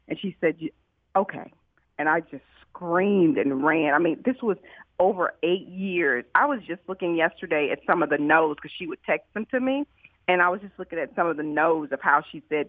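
Excited woman on a tinny phone-like line. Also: on the low side, normal speed, no room sound. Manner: excited, animated storytelling with quoted dialogue. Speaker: food pantry founder. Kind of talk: storytelling in an interview.

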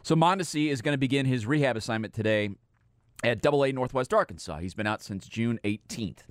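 A man's voice: medium pitch, lively intonation, a little fast, dry recording, clean studio sound. A middle-aged man hosting a sports radio show, chatting casually about baseball in a rambling, self-deprecating way.

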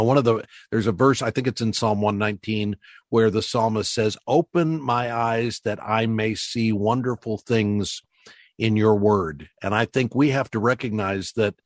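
A man hosting a call-in radio show, talking callers through ideas and slowing down to stress words as he teaches. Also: fairly low pitch, no room sound, clean studio sound. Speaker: radio host.

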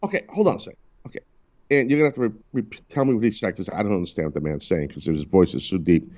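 A man's voice: deep voice, animated, fast, a little mellow, dull audio. A man hosting a radio talk show, chatting loosely and teasing his co-hosts. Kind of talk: casual on-air banter.

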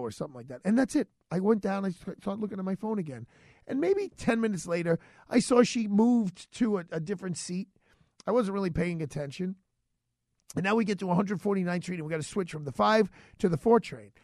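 A man hosting a radio show, telling a story in a chatty, animated way and acting out the dialogue. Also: high-pitched, a little fast, dry recording, studio quality. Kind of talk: casual storytelling monologue.

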